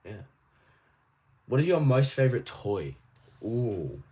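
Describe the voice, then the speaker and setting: A man with an Australian accent chatting casually on a livestream, reading viewers' questions aloud and answering in a rambling, animated way. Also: mid-range voice, breathy edge. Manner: rambling and animated, quick asides. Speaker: toy collector streamer.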